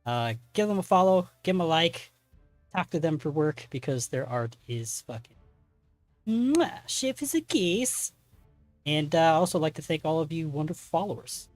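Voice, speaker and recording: Chatty game master, faint music behind. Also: male voice, a little high, expressive, moderate pace, no echo. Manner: rambling, chatty, many fillers and self-corrections. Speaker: game master and stream host. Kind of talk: casual stream announcements.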